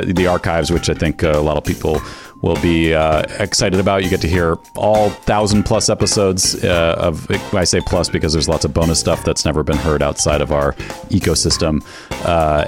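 A man co-hosting a comedy podcast, relaxed, with lots of fillers and dry jokes. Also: low voice. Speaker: podcast co-host. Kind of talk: casual podcast banter and announcements.

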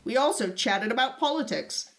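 A woman's voice: on the high side, expressive, normal speed, fairly bright tone. A young woman co-hosting a casual chat, reading old diary entries aloud in a playful, teasing way.

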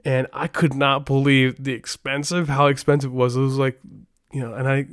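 A man's voice: medium pitch, flat delivery, fairly quick, a bit bright, no echo, clean studio sound. Brief: middle-aged male podcast host, casual and rambling, clean resonant voice. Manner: rambling, many restarts and asides.

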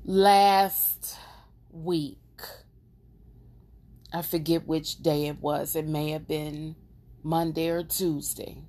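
A woman hosting her own podcast, telling a personal story in an emotional, expressive, casual way. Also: low voice, extremely slow, pauses often. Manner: casual, conversational. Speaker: podcast host.

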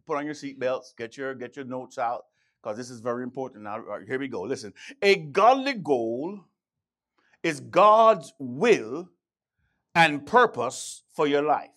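Lively, emphatic male preacher. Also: medium pitch, a little slow. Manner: emphatic, repeats key phrases, stammering restarts. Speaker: pastor. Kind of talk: sermon.

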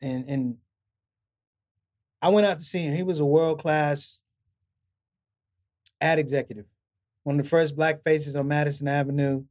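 A man's voice: on the high side, moderate pace, pauses often. A middle-aged comedian, a man, telling long stories in a casual interview and acting out the people he quotes. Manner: animated storyteller, acts out quotes with laughs. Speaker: comedian and podcast guest.

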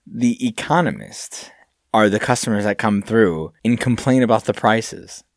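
A man co-hosting a casual chat about fast-food work, acting out customers in raised voices. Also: fairly low pitch, animated, dry recording, clean studio sound. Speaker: podcast co-host, fast-food worker.

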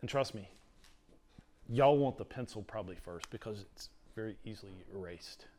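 A man's voice: fairly low pitch, normal speed, a little mellow. A middle-aged man, teaching a class in a casual, rambling lecture full of stories. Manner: chatty, storytelling, uses "like" a lot.

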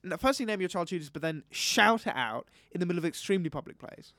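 A young man co-hosting a casual podcast chat, telling animated stories and breaking into loud comic impressions. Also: high-pitched, quick pace, no room sound, clean studio sound. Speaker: podcast co-host. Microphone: studio microphone.

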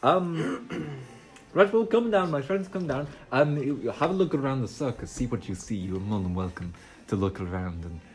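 A man's voice: mid-range voice, expressive, normal speed, lightly acted. A man voicing a sinister, smarmy male circus ringmaster with a put-on Italian accent, effusive and pushy. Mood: hosting. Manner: effusive, pushy, falsely warm.

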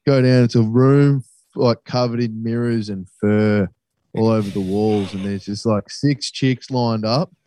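A man's voice: on the low side, steady tone, a little slow, dark tone, no echo. A young Australian man telling a travel story in casual, sweary chat. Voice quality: sweary, laid-back storytelling.

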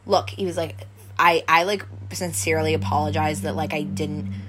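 In a low, steady voice at a moderate pace, a young woman chats casually through a story, leaning heavily on "like" and acting out what others said. There's noticeable background noise.

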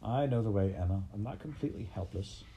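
A man's voice: lowish voice, fast talker, mellow, a little hiss or hum, natural voice, low-quality recording. A man voicing a bitter, proud young male rabbit with a limp, speaking in sulky retorts.

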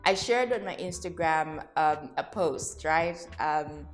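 A woman's voice: deep voice, lively intonation, slow pace, soft background music. A woman hosting a solo podcast, speaking candidly and reflectively to her listeners, addressing them directly and laughing at herself. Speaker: podcast host.

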